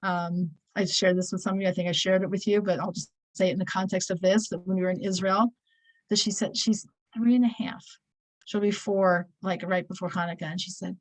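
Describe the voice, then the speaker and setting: A woman's voice: medium pitch, steady tone, a little fast, rough recording. Chatty woman in her sixties teaching. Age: 60s. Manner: chatty, anecdotal, many fillers and restarts. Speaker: Torah class teacher. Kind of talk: casual weekly scripture class.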